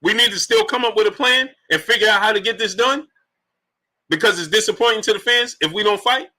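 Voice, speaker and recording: A man's voice: sits high, fairly quick, pushed and bright. A man hosting a boxing talk live stream, reading out super chats and firing repeated rhetorical questions at the chat. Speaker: boxing talk show host.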